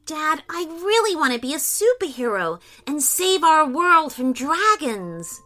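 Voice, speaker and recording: A woman voicing an excitable little girl who dreams of being a superhero, speaking high, eager and dramatic. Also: unhurried, full character voice. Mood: excited.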